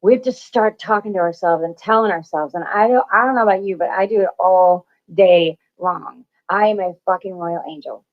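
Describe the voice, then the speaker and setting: A woman hosting a spiritual channel speaks at normal speed in a mid-range voice with few pauses. She's emphatic and repetitive, swearing freely while encouraging her listeners. The audio is dull and lo-fi.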